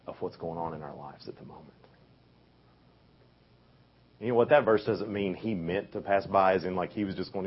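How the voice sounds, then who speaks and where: Deep, husky-voiced young man preaching casually. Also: fairly quick, long pauses. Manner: casual, conversational preaching with many fillers and restarts. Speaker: youth speaker. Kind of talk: youth sermon. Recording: dull lo-fi recording.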